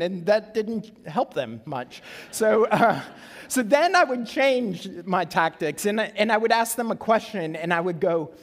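High-voiced pastor in a reverberant church. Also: male voice, lively intonation, a little slow. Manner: earnest, repeats key phrases for emphasis. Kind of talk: sermon.

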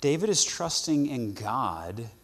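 A man's voice: medium pitch, big pitch swings, slow. Earnest male preacher in an echoey hall. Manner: earnest, swings between loud stresses and soft asides. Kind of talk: sermon.

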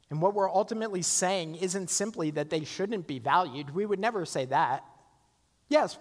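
A man's voice: a little high, big-room sound. A man pastor preaching a sermon, conversational, asking the congregation rhetorical questions and acting out the voices of grumblers.

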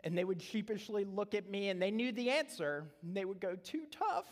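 A man's voice: sits high, fairly quick. A middle-aged man preaching a sermon as pastor, earnest and conversational, repeating key phrases for emphasis. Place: church sanctuary. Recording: long reverb of a church hall.

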